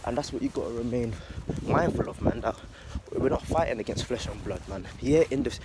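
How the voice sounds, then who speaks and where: A man's voice: medium pitch, animated, brisk, very noisy. A man talking casually about faith in a loose, slangy monologue, swearing and ending lines with "man.". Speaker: religious vlogger.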